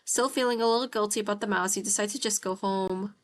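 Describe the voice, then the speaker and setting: A woman's voice: mid-range voice, fairly even intonation, quick pace. A woman streamer reading a visual novel aloud while playing, reacting with gasps and apologies between lines.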